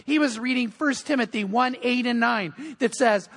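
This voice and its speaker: A man's voice: extremely high pitch, moderate pace, a bit bright. A man preaching a sermon as pastor in a church, telling humorous stories. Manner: humorous storytelling.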